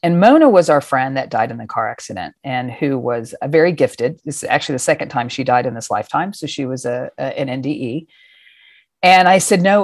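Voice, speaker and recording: A middle-aged woman telling a personal story in a lively, casual way, acting out the scenes and swearing freely. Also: extremely low pitch, no room sound, studio quality. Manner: animated, acts out voices, swears casually.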